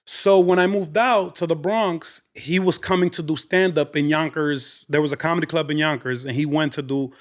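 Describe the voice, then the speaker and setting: A man, a comedian guest on a podcast, telling anecdotes in relaxed English mixed with Spanish. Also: a little high, moderate pace, hardly any pauses. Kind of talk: casual storytelling chat.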